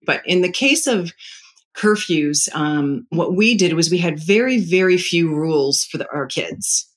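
Calm middle-aged parenting advisor. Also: medium pitch. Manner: calm, measured, explains with personal stories. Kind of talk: casual advice talk.

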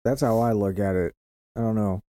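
A man's voice: on the low side, steady tone, a little fast, dark tone, no room sound. A man from Florida co-hosting a casual podcast, rambling and swearing constantly. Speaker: podcast co-host. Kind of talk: casual profane chat. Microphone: home podcast mic setup.

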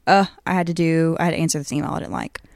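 A woman's voice: low-pitched, steady tone, rapid-fire, gravelly, no echo. A young woman co-hosting a casual podcast, chatty and upbeat, often breaking into laughter. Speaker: podcast co-host. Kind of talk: casual chat.

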